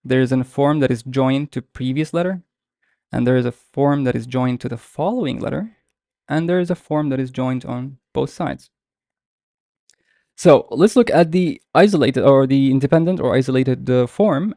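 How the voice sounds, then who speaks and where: A man with a gravelly, mellow voice teaches a live online class. He explains patiently and step by step, pausing often. The sound is dry and close. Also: medium pitch, no room sound. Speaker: Arabic teacher.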